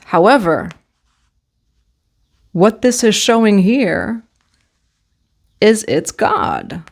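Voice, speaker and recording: A woman's voice: mid-range voice, lively intonation, slow, pauses often. Woman reading tarot cards for her viewers, chatty and encouraging, hums bits of songs in between. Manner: chatty, affirming, sings snatches of songs. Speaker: tarot reader. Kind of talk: casual spiritual tarot reading.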